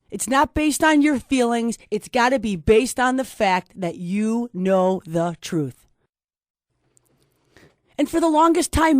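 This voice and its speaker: A woman's voice: high-pitched, no echo, studio quality. A middle-aged woman giving an emphatic, preacherly faith-based motivational talk, repeating key phrases. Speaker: host and speaker.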